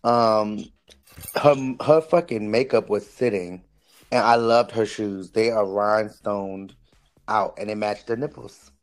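A man's voice: lowish voice, steady tone, a little slow. A man co-hosting a podcast, giving blunt, terse verdicts in casual recap chat. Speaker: podcast co-host.

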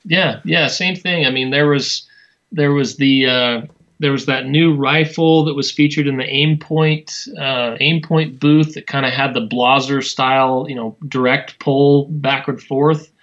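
A man chatting casually as a show host, enthusiastic but halting, with many fillers and restarts. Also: medium pitch, fairly even intonation, fairly bright tone, lo-fi sound. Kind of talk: casual chat.

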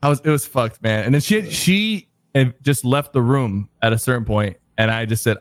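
A young man tells a story in a loose, rambling way, peppering his talk with filler words. His voice sits at a middling pitch. It is recorded close and dry, with no room sound. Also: moderate pace, few pauses, dry recording. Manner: laid-back, lots of "like" and "bro" fillers. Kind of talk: casual storytelling chat.

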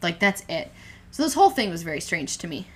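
A woman's voice: on the low side, very animated, fairly quick, slightly rough. Candid young woman, rambling chat. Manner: candid and rambling, many fillers and restarts. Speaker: podcast co-host telling her birth story. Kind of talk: casual chat.

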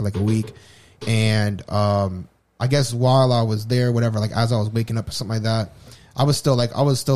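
Low-pitched and darkish, a man's voice tells a personal story on a podcast he co-hosts. It's casual chat, candid and wandering, with repeated restarts.

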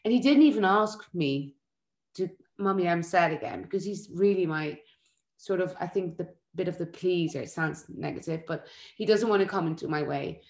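A woman's voice: fairly low pitch, normal speed. A woman, a mother of young children, speaking as a guest in a candid personal conversation, heartfelt and often restarting her sentences. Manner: heartfelt, animated when quoting, many restarts. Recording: roomy echo.

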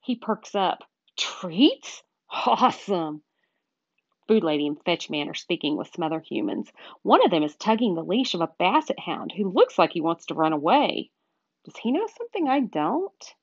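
Woman reader, storybook narration, very lively pitch, dull dry recording. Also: fairly quick, no echo. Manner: expressive, animated storytelling. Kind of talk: reading a children's chapter book aloud.

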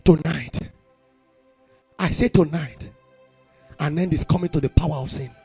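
A man with a Nigerian accent preaching a sermon to young people, impassioned and breaking into shouted exclamations. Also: a little high, measured pace, husky, no echo, soft background music. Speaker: youth preacher.

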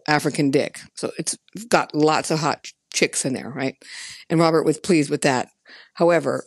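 Low-voiced woman telling a chatty story. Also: dry recording, studio quality. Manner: chatty, emphatic, animated quoting of others. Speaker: podcast host. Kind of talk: casual storytelling monologue.

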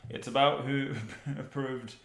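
A man's voice: medium pitch, slow pace, roomy sound. A man co-hosting a casual chat, reacting to song lyrics with a lot of swearing and mock-dramatic readings. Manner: animated, swearing, reads lyrics aloud in mock-dramatic tones. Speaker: podcast co-host.

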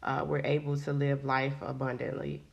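A woman's voice: rumbling low, little pitch movement, normal speed, creaky, highs cut off. A woman co-hosting a casual motivational chat, speaking in an earnest, encouraging and affirming way.

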